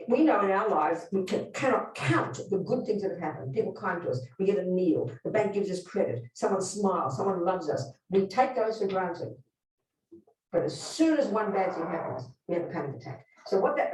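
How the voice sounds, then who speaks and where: A Buddhist nun leads a live workshop in a low, darkish voice, recorded far from the mic in a roomy hall. She teaches bluntly and emphatically, firing direct questions at her listeners.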